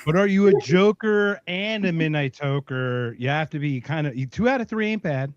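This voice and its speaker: A man's voice: fairly high pitch, lively intonation, normal speed, smooth, dry recording. A man hosting a podcast in casual chat, joking and playful. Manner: joking, playful, fond of doing voices. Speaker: podcast host. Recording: dull, dry recording.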